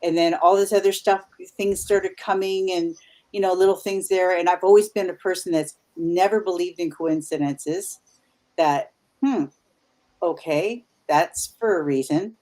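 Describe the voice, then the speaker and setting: A woman's voice: on the low side, steady tone, unhurried, mellow. A Canadian woman in her fifties, a paranormal investigator guest, telling stories in a rambling, casual way with many restarts. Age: 50s. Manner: rambling, full of restarts and asides. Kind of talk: casual chat.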